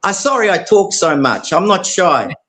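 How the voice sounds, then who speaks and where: A man's voice: sits high, very animated, normal speed, fairly bright tone, rough recording. A man from Australia calling in to a live show, chatting in a rambling way and repeating his words. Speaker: caller. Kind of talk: casual chat.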